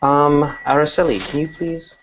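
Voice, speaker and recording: A man's voice: on the high side, level tone, moderate pace, a bit bright, muffled recording, slight background noise. Male English teacher in a classroom; patient, explains with repeated examples.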